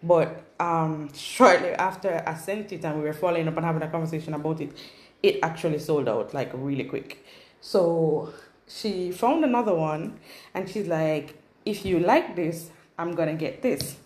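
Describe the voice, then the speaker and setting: A woman's voice: deep voice, moderate pace. A woman with a Jamaican accent chatting casually for a storytime vlog. She rambles along with asides and fillers. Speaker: vlogger. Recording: roomy echo.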